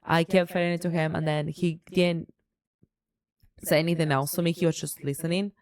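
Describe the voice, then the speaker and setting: A woman's voice: lowish voice, a little fast. A woman co-hosting a casual podcast, telling a story with energy and acting out the dialogue. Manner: animated, acts out dialogue. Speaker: podcast co-host.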